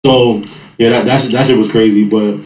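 A man's voice: fairly low pitch, steady tone, brisk, a little mellow, roomy sound, rough recording. A man telling a long childhood story in casual podcast chat, rambling with lots of fillers and laughing as he goes. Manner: laughs through his story. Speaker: podcast panelist, father.

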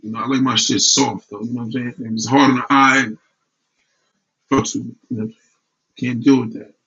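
A man's voice: medium pitch, level tone, brisk, sharp tone. Profane ranting man on a lo-fi stream. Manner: profane, heated and confrontational, slangy and repetitive. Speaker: livestream host. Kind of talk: casual ranting vlog, reacting to chat. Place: home room with lighting setup.

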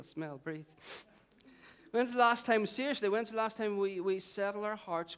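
A middle-aged man preaching a sermon, conversational and animated, putting questions to the congregation. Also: sits high. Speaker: pastor.

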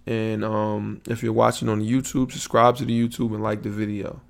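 Chill guy rambling solo on his podcast, kinda gravelly, lots of slang, just thinking out loud. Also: on the low side, flat delivery, fairly quick. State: yawning, a bit sleepy. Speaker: podcast host. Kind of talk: casual solo podcast monologue.

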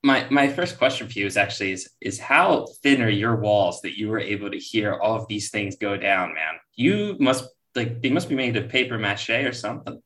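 A man's voice: lowish voice, animated, moderate pace, hardly any pauses, fairly bright tone. A man in a casual chat, giving short acknowledgements and asking an easygoing question. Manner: brief backchannels, easy questions.

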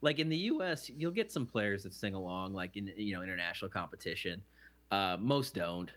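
A man with a somewhat low voice talks through a casual podcast conversation. He rambles, circles back and restarts his thoughts as he goes. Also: animated, a little fast, fairly bright tone. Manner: rambling, self-correcting, chatty. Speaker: podcast co-host. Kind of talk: casual chat.

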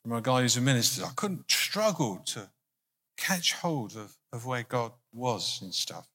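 A man's voice: medium pitch, sing-song, measured pace, sharp tone. A male minister giving an informal, conversational sermon, often restarting his sentences. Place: church hall. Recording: hall reverb.

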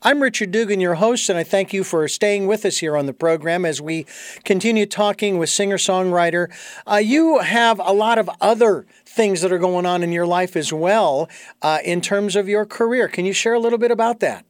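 An American man hosting an interview show, talking in a folksy, halting way with many fillers. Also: high voice, dry recording, clean studio sound. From United States. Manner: folksy, halting, playful with voices. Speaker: radio show host. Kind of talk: interview conversation.

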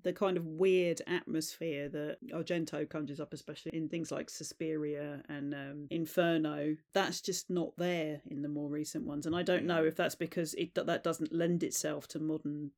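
A man co-hosting a casual film podcast, with deadpan jokes and rambling asides. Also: a little high, moderate pace, few pauses. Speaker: podcast co-host.

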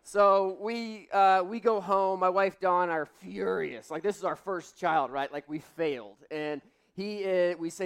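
Animated man telling a sermon story. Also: high voice, a little slow, gravelly, hardly any pauses, clear, resonant tone. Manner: animated, acts out voices in his story. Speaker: pastor.

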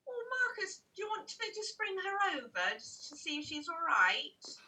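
A woman with a high, very bright voice, polite and gently concerned as she hesitates through an improvised comic call. She sounds distant from the microphone. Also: very animated, moderate pace.

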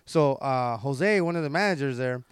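A man's voice: medium pitch, lively intonation, normal speed, clean tone, no room sound. A man, a comedian telling rambling stories in casual chat. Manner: rambling, laid-back, lots of fillers. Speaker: stand-up comedian, podcast host.

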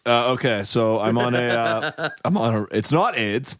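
Male comedy podcast host, mid pitch, dry close sound, rambling improvised storytelling. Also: a bit bright, dry recording. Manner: rambling, halting, full of restarts.

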